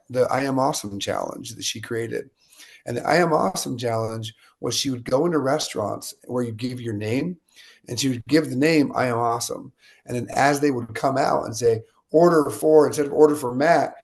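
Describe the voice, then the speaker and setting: A man's voice: medium pitch, creaky. A man from the United States, a guest in an interview, telling stories with energy and acting out the lines of people in them. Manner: energetic, animated storyteller acting out quotes. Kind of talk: interview storytelling.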